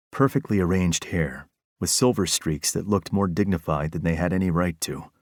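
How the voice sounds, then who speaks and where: A man narrating a crime novel audiobook in a steady, even reading. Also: low-pitched, no echo, clean studio sound.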